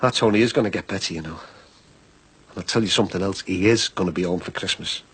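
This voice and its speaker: A grateful, chatty working-class dad. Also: male voice, deep voice, fast talker, fairly bright tone, slightly rough, full character voice. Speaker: worried father running a shop. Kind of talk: TV soap drama acting.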